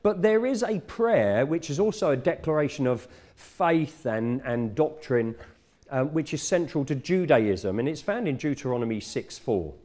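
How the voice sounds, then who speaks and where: Mellow-voiced man preaching conversationally. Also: medium pitch, lively intonation, normal speed. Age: middle-aged. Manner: conversational, self-correcting, warm teaching tone. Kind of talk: sermon. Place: church.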